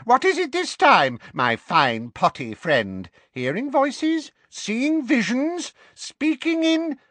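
A man's voice: very high voice, sing-song, slow pace, fairly bright tone, dry recording, voice pushed up, exaggerated voice. A man voicing a mischievous, cackling poltergeist with a taunting, sing-song way of talking.

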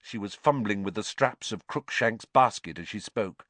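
A man reading a storybook aloud in an expressive way. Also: fairly low pitch, moderate pace, dry recording. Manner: expressive, with many character voices. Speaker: audiobook narrator.

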